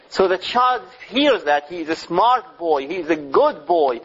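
A middle-aged man giving a religious lecture on parenting, speaking deliberately and asking his listeners rhetorical questions. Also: high voice, animated, fairly bright tone, a little hiss or hum. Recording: slightly dull lo-fi recording.

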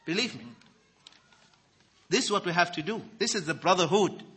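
Lively husky-voiced male preacher. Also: sits high, moderate pace. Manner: animated, swings from loud emphasis to soft asides. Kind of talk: sermon.

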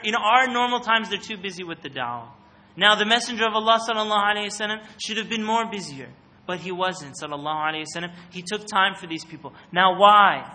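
Male speaker giving a religious talk on a mic, fairly high and very bright, quizzes the crowd. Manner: questions the audience and calls on them. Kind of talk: interactive religious talk to an audience. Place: room with a live audience. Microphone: microphone.

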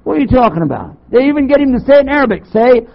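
An older man from Texas, a Muslim chaplain, preaching to an audience with sarcastic, animated storytelling and rhetorical questions. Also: very high-pitched, rapid-fire, creaky. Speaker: Muslim chaplain giving a talk. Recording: dull lo-fi tape recording.

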